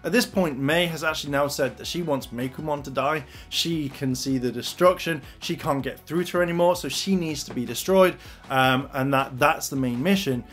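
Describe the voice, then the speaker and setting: Brief: rather high-voiced male reviewer, chatty and excitable, faint music underneath. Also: moderate pace. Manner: excitable, animated retelling with acted-out quotes. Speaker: anime reviewer. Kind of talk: casual spoken review.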